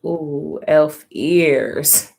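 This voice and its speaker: A woman with a fairly low voice reacts live as she reads a comic to her stream. She exclaims and swears freely, talks straight to her viewers, and reads the characters' lines aloud between her own comments. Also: steady tone, drawn-out words, vocal fry, a little mellow. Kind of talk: casual live reading and reaction.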